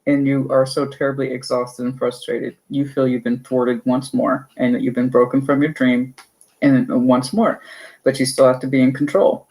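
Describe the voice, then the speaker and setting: A woman's voice: a bass voice, level tone, moderate pace, warm tone, rough recording. A woman giving a tarot card reading in a chatty way, repeating her points and calling the listener honey. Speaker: tarot reader.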